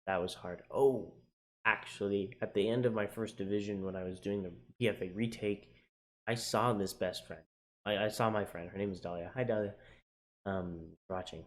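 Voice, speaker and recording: A young man tells his own story in a casual vlog with a lowish voice. He is candid and emotional, drops his voice for heavy moments and lifts it when excited. He swears casually and often starts his sentences over. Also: normal speed. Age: young adult. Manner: frequent fillers and restarts, casual swearing. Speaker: navy sailor sharing his journey.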